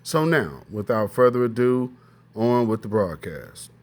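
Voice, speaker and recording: A man's voice: medium pitch, unhurried. Casual male news commentary host. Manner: relaxed, filler-heavy, repeats set phrases.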